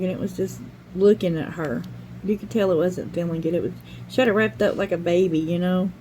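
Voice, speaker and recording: Older woman, craft channel host, rambling heartfelt chat, warm mellow voice, faint background noise. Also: mid-range voice, low-quality recording. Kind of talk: casual chat while crafting.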